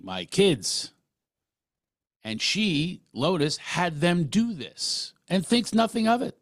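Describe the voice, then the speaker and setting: A man's voice: a little high, no room sound. Middle-aged guy hosting a podcast, earnest and pushy, keeps restarting sentences, dry close mic. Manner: earnest, emphatic, often restarts mid-sentence. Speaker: podcast host. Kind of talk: casual interview talk.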